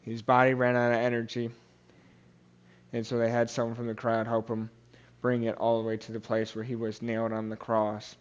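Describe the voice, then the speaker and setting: A young man at a middle pitch retells scripture in a loose, casual way, stopping for fillers and restarting phrases. He speaks the characters' lines aloud as he goes. The recording sounds a little dull and lo-fi. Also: monotone, normal speed, clear, resonant tone. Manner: casual, many fillers and restarts, acts out quotes. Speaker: podcast host. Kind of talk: casual Bible study retelling.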